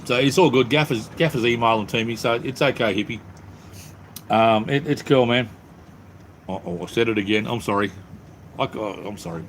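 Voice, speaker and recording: A middle-aged Australian man chats casually on a live stream from his phone, rambling easygoingly and poking fun at himself. His voice is medium-pitched at a moderate pace with frequent pauses, and there's slight background noise.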